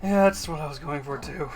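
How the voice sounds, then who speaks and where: A man's voice: a little high, noisy background. A young man streaming himself painting miniatures, chatting casually and rambling with self-aware asides to a friend. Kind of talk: casual live-stream chat.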